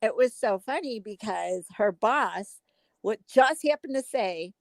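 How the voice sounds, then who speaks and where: A woman co-hosting a livestream, telling a story in giggly, animated casual chat. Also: mid-range voice, a little slow, dry recording, studio quality. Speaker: co-host of a livestream.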